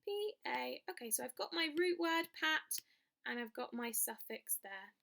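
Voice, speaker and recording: A young woman teaching children a spelling lesson, chanting the rules slowly and with emphasis. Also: high voice, animated, creaky, fairly bright tone. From England. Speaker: primary school teacher.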